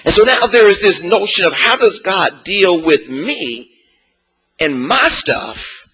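A man preaching a sermon in a sing-song cadence, asking the congregation questions and swelling into shouts. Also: sits high, very animated, takes it slowly, husky.

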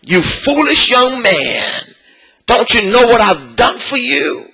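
A male preacher voicing God as a stern father who scolds an ungrateful man with shouted rhetorical questions. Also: very high-pitched, very animated, slow, breathy edge, voice pushed up, full character voice. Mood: indignant.

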